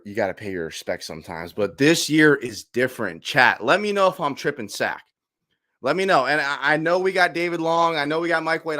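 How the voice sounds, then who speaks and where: A man in his twenties, a sports fan streamer ranting emotionally to his chat, swinging from shouts to hushed murmurs. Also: mid-range voice. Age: 20s. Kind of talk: excited casual fan rant.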